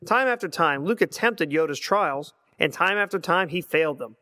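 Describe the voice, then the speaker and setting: Speaking at a moderate pace, this man in his thirties has a fairly high, expressive voice that sounds pushed and bright. He's a listener leaving a voicemail, earnestly recalling the past and reading passages aloud, with long hall reverb on the recording.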